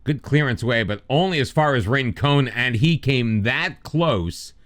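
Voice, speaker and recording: A man's voice: mid-range voice, expressive, unhurried, a bit bright. An American man casually commenting over a football management game, mixing play-by-play calls with joking, self-deprecating asides. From United States. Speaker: gaming YouTuber.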